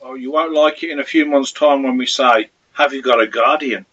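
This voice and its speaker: A man's voice: mid-range voice, steady tone, fairly quick, sharp tone, muffled recording. A British man co-hosting a podcast, trading crude teasing banter in casual chat. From Britain. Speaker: podcast co-host.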